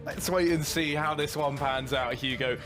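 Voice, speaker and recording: A man doing colour commentary on a video game match, chatty and informal, bursting into excitement on big plays. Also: fairly high pitch, moderate pace, over music. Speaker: esports caster.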